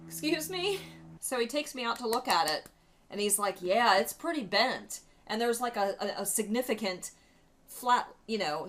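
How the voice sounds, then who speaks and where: A woman's voice: medium pitch, a bit bright. A young adult woman, talking casually and candidly while doing her makeup, swearing freely as she tells a story. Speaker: beauty vlogger. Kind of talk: chatty get-ready-with-me storytelling.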